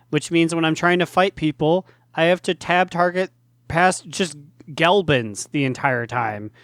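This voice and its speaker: A man co-hosting a gaming podcast, talking in a relaxed, joking way and swearing casually. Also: a little high, no room sound, studio quality. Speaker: podcast co-host.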